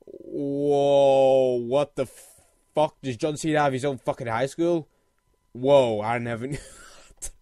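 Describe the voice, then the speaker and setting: Playing through a game for a let's play, a young man with a sore throat swears and vents his exasperation in casual commentary. He speaks slowly at medium pitch with a steady, clean tone, recorded in studio quality with no room sound, while loud looping clarinet music from the game runs beneath him.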